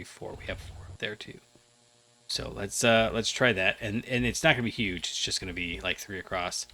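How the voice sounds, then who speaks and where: A man's voice: on the low side, pushed and bright. Groggy man rambling over gameplay. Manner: rambling, thinking aloud with many fillers. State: groggy after a nap. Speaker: gaming channel host. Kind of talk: casual Let's Play commentary.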